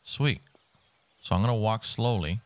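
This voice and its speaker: A young man giving excitable, swearing commentary while he plays a video game on a headset mic. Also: on the low side, a little slow. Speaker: gaming YouTuber. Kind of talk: live gameplay commentary. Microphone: gaming headset.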